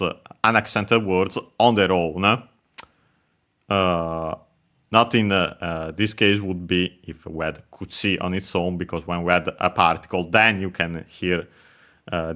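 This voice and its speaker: Male let's-play language teacher, deep and bright-toned, slow and hesitant delivery with fillers. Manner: hesitant, many fillers and self-corrections; explanatory, chuckles while explaining.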